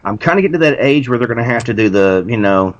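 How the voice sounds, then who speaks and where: A middle-aged man co-hosting a radio show, firing off dry, wisecracking asides. His voice sits at an ordinary middle pitch, and the recording sounds dull and lo-fi. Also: expressive, fast, slight background noise. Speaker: radio co-host. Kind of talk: casual radio banter.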